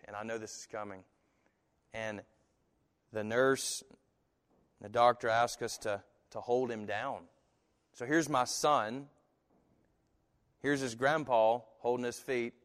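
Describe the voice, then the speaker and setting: Man, pastor, sermon, mid-pitched voice, lively storytelling, echoing church hall. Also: slow pace, long pauses, smooth. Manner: animated storytelling, puts on other voices in quotes.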